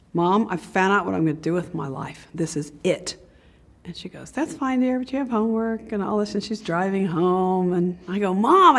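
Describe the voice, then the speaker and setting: Older american woman, gravelly and husky, lively motivational storyteller. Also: mid-range voice. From United States. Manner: animated storytelling, acting out voices of family. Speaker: former tennis champion telling her story.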